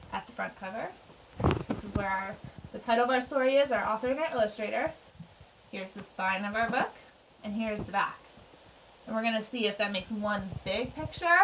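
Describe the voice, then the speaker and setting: A woman teacher reading a picture book aloud to young children, expressive and chatty with little asides. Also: on the high side, slight background noise. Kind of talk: children's storytime read-aloud. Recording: distant mic.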